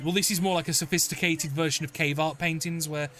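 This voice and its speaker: A man's voice: fairly high pitch, steady tone, quick pace, a loud crowd. A man narrating as dungeon master in a tabletop game, rambling with many fillers and restarts. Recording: faint background noise.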